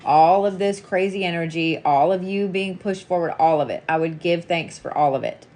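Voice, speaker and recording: A woman's voice: fairly low pitch, moderate pace, darkish tone. A woman giving a reiki and wax reading in a casual live chat. She swears freely, laughs often and reassures the listener by calling them sweetie.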